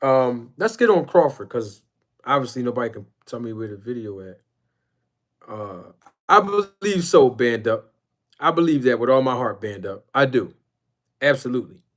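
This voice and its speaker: A man hosting a casual boxing live stream, rambling and emphatic as he shouts out chat viewers by name. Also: medium pitch, big pitch swings, normal speed. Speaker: boxing YouTube channel host.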